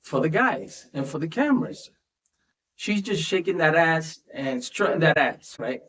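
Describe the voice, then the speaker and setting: A man's voice: on the high side, animated, measured pace, noisy background. A man hosting a casual commentary monologue, talking conversationally and tagging his points with "right?". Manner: conversational, tags statements with "right?". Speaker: commentary host. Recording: roomy echo.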